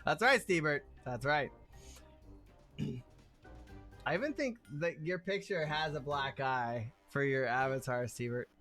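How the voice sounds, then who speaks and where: A man running a tabletop game on a livestream, laughing and talking loosely, often dropping to quiet asides. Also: mid-range voice, a little slow, pauses often, soft background music. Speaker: game master. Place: home streaming setup.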